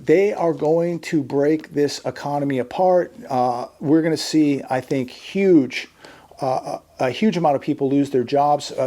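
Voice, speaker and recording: A middle-aged man hosts his own channel and talks through the day's news in a blunt, gloomy way. His voice is mellow and sits a little high for a man. He reads quotes aloud, then adds his own plain-spoken take. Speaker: channel host, finance commentator. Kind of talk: casual commentary.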